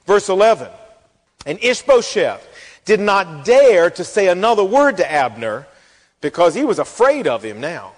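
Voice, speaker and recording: A man preaching a sermon as pastor, folksy and animated, acting out the quotes in the story. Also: high-pitched, normal speed. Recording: long hall reverb.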